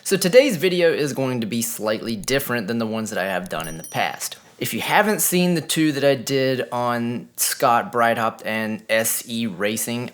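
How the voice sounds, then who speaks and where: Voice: medium pitch, a bit bright, a little hiss or hum. A channel host giving a scripted, earnest introduction and summary before an interview.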